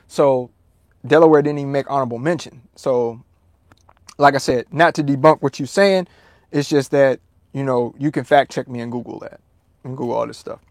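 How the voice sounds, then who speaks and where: A man hosting a casual livestream, talking to his chat in an animated, profane, repetitive way. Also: mid-range voice, moderate pace, no room sound, studio quality. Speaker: livestream host answering chat.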